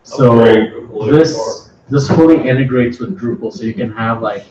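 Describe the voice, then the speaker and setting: A man's voice: medium pitch, measured pace. A man giving a casual technical talk at a meetup, hesitant and often repeating his words. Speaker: meetup presenter. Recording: echoey room, distant dull mic, faint noise.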